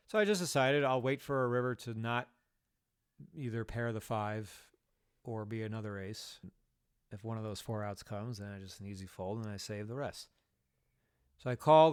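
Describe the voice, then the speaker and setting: A man telling poker stories in a casual vlog, swearing often and quick to rant in exasperation. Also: fairly low pitch, smooth. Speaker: poker player.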